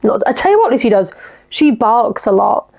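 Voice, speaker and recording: A woman's voice: on the high side, very animated, normal speed, gravelly, a little mellow. A young woman hosting a podcast alone, chatting casually and giggling as she reacts to listener messages. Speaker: podcast host. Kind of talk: casual solo podcast chat.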